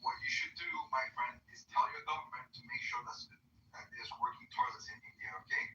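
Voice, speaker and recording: A man's voice: fairly quick, bright, forceful tone, in a whisper, dull audio. A man giving dismissive, sarcastic, half-muttered replies in a heated call-in argument. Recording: echoey, distant, faint background noise.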